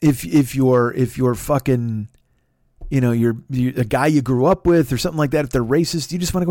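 Speaking a little fast at medium pitch, a Chicago podcast host rants offhandedly with plenty of swearing. He's middle-aged and Midwestern, animated, and prone to stumbling restarts. The audio is studio quality without any echo.

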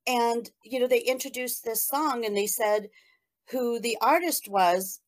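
A woman's voice: on the high side, measured pace. A woman co-hosting an interview, telling a fond memory in a rambling, emotional way. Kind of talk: casual interview chat.

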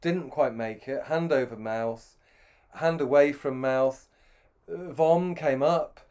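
A man's voice: medium pitch, takes it slowly, a little mellow, clear, resonant tone. Middle-aged guy telling a rambly story, keeps restarting, pokes fun at himself. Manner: rambling, self-deprecating, full of restarts. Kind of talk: anecdotal storytelling.

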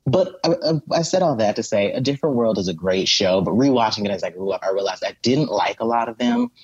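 Husky-voiced man recapping a show animatedly. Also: on the low side, fast talker, dry recording, muffled recording. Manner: animated storyteller who acts out characters' voices. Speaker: podcast co-host. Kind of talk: casual chat, animated recap.

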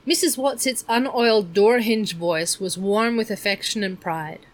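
A woman with a medium-pitched voice reads a storybook aloud as an audiobook narrator, her delivery measured and expressive.

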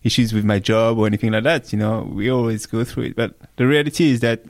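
Halting, reflective man, dry close sound. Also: fairly low pitch, fairly even intonation, no echo. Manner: halting, reflective, repeats words. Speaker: guest. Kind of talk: casual chat.

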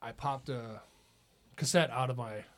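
A man's voice: medium pitch, measured pace, a bit bright. A middle-aged man hosting a podcast, telling a rambling story with lots of laughs and "it's like.". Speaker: podcast host. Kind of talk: casual storytelling chat.

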